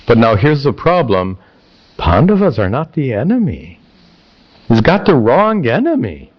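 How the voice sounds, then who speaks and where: A man teaching a scripture class, animated and playful, acting out the lines of the text. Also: lowish voice. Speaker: spiritual teacher. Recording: dull lo-fi recording.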